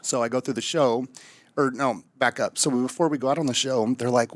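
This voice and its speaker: A man's voice: mid-range voice, steady tone, fairly quick, no room sound. A man from Nebraska telling a chatty, jokey story as a guest, a frog in his throat. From Omaha, Nebraska. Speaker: guest, camper finance manager. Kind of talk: casual storytelling.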